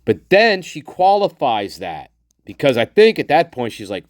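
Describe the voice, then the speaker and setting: A man's voice: on the high side, huge pitch swings, normal speed, no room sound, clean studio sound. A man hosting a casual commentary show, speaking bluntly with frequent swearing and chuckles, addressing his viewers directly. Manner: blunt and profane, chuckling often; talks to the viewer and acts out people he quotes. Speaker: host of a true-crime commentary channel.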